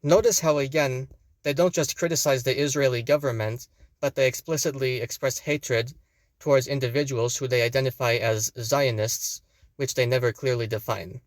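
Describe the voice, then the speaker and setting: A man's voice: medium pitch, fairly even intonation, moderate pace, no echo. A young man giving scripted commentary, pointed and with sarcastic asides. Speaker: video commentator.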